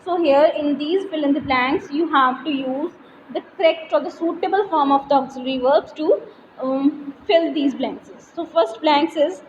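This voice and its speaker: A woman teacher with an Indian English accent walks through a grammar lesson step by step, reading example sentences aloud. Her voice sits high. The room rings with a long reverb over a faint hiss. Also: normal speed, muffled recording. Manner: explains step by step, reads example sentences aloud, frequent fillers.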